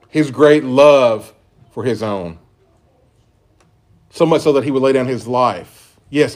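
Man preaching an earnest sermon. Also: mid-range voice. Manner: earnest, emphatic preaching with scripture reading. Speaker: pastor.

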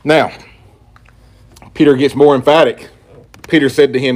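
A man's voice: mid-range voice, normal speed, pauses often. A man preaching a sermon and reading scripture aloud in an emphatic style. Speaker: pastor.

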